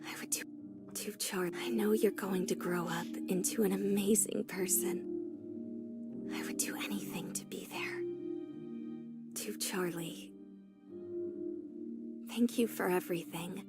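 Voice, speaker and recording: A breathy, tender whispered role-play of a dying young mother saying goodbye, as a man puts her on. She speaks very slowly and gently, with soft music playing underneath. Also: sits high, steady tone, pitched above the performer's own voice. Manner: slow tender reading. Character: dying young mother writing farewell letters. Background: soft background music.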